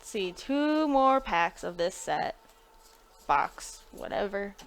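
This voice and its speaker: Woman host, casual streamer chat, mid-pitched, loose and chatty, laughs easily. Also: very animated, slow. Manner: chatty, thinking aloud, laughing between remarks. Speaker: live-stream pack opener.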